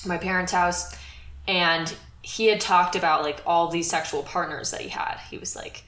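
A woman's voice: deep voice, fairly even intonation, normal speed, fairly bright tone. A young woman co-hosting a podcast, telling a personal story in a candid, chatty way with plenty of "like". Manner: candid, chatty, filler-heavy. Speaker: podcast co-host. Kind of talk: casual storytelling chat. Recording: roomy echo.

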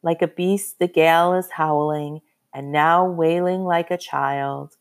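A frightened young boy recites a poem very slowly and softly, each line halting, as a woman reads him. It sounds like a storybook moment, low and quiet. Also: fairly even intonation. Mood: hesitant. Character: frightened seven-year-old boy reading a poem.

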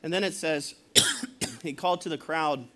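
A man's voice: on the high side, unhurried, sharp tone. A man preaching a sermon as pastor in a conversational way, chuckling often and acting out quotes.

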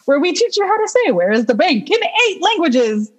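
A woman with a high, lively voice co-hosting a laid-back podcast. She teases playfully, and her pitch jumps around a lot. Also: a little fast. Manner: playful, laughing. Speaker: podcast co-host. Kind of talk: casual chat.

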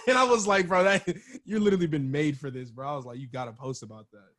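A man's voice: on the high side, fast talker, a bit bright. A young man in casual chat, bantering loosely with lots of slang and frequent laughter.

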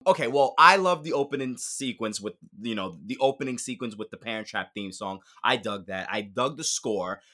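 Animated and quick to break into laughter, a man co-hosts a podcast, chatting casually in a mid-range voice.

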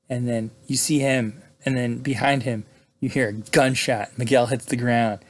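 A man giving a casual, excited movie recap, peppering his talk with "like" and "right?". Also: medium pitch. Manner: chatty, excited, fills with "like" and "right?". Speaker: movie reviewer.

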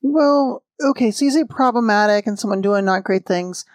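A woman in a casual podcast conversation, chatty and quick to poke fun at herself. Her pitch sits mid-range, and the recording is dry and close. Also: dry recording.

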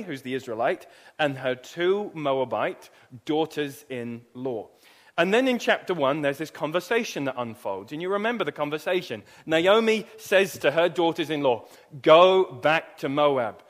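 A man preaching a sermon, retelling the story with lively emphasis and repeated points. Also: fairly high pitch. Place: church hall. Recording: long hall reverb.

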